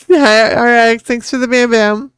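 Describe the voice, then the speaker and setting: A woman's voice: on the high side, slow, slight background noise. A woman streaming a visual novel, making playful, chatty asides to her viewers. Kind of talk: casual gameplay commentary.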